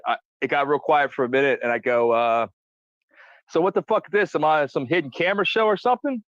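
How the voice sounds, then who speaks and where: A man's voice: on the high side, a bit bright, dry recording. A man, a podcast guest, telling a story in a rambling, profane, repetitive way. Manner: profane, rambling, repeats himself. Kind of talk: casual storytelling. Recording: dull dry lo-fi sound.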